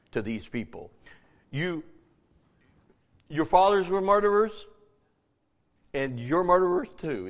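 A man preaching a sermon, emphatic, dropping to a hush and then rising to near shouts. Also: sits high, long reverb tail. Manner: emphatic, swings from hushed to shouting.

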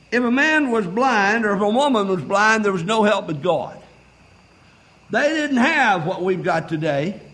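High, bright-voiced preacher in full fervor. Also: male voice, poor audio. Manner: preaching with rising, shouted fervor; reads King James scripture aloud. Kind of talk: sermon.

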